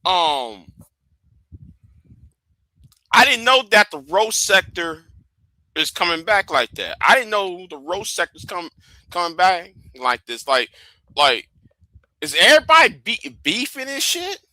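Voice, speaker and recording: Sharp-voiced, animated male livestream host. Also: high voice, a little slow, long pauses, no echo, rough recording. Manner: stop-start, repeats words and catchphrases. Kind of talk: casual livestream commentary.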